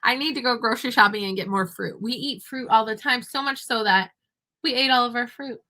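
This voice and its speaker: A woman's voice: on the high side, fairly quick, sharp tone. A young woman, a homeschooling mother, chatting casually to her viewers while her young daughter eats beside her. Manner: chatty, talking with her child between points. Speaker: homeschooling mother and online teacher. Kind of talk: casual talk to camera.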